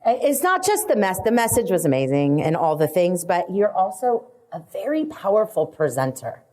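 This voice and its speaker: A woman's voice: mid-range voice, big pitch swings, moderate pace, a little mellow. A woman hosting a podcast interview, gushing and emotional, asking long, rambling questions. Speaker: podcast host.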